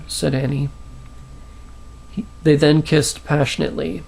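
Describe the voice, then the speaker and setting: Gravelly, slow man reading his story. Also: fairly high pitch, darkish tone. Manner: halting, with restarts and fillers. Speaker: storyteller, channel host. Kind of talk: reading his own short story aloud.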